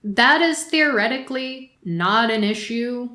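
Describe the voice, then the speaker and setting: A woman's voice: a little high, measured pace. Exasperated woman podcaster in a roomy space. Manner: animated and exasperated, with frequent laughs. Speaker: podcast co-host. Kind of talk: casual podcast commentary.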